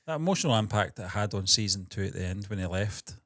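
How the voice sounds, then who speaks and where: A man co-hosting a podcast, chatting casually with dry jokes and quick questions. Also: fairly low pitch, expressive, a bit bright, no room sound. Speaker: podcast co-host. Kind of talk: casual chat.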